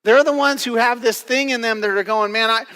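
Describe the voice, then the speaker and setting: A pastor with a very high-pitched, sharp voice preaches briskly in a large church auditorium. His sermon is casual and conversational, packed with fillers, and he keeps checking in with "right?"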